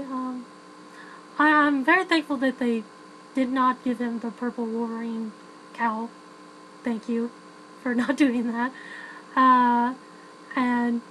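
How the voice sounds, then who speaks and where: Woman rambling thru a film review, kinda high voice, faint hum behind. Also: rough recording. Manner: chatty, frank, many fillers and restarts, laughs often. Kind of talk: casual spoken film review.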